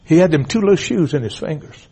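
Middle-aged preacher, husky voice, punchy repetitive pulpit cadence, prods the crowd. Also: male voice, on the high side, expressive, fast, dark tone, low-quality recording. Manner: calls out to the congregation. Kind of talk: fiery sermon.

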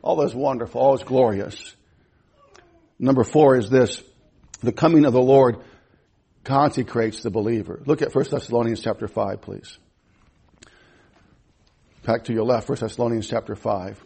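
A man's voice: mid-range voice, normal speed, gravelly, long pauses, mellow, slightly rough. A man in his fifties preaching a sermon as pastor, emphatic, repeating his phrases and restarting. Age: 50s.

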